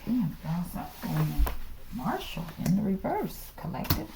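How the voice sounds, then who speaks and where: A woman's voice: mid-range voice, sing-song, normal speed, vocal fry, very noisy. A woman giving a channeled tarot reading to her viewers, chatty, laughing often and dropping into whispers. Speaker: tarot reader.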